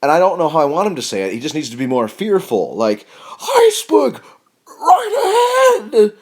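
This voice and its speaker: Rambling deadpan male comedian. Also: medium pitch, quick pace. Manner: deadpan, meandering, bursts into loud mock-shouted line readings. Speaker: comedian, podcast host. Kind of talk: rambling comic monologue.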